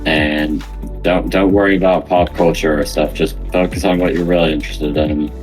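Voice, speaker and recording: A man's voice: rumbling low, steady tone, moderate pace, soft background music, low-quality recording. A man co-hosting a podcast, rambling in casual, self-mocking chat while talking to the listeners alone. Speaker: podcast co-host.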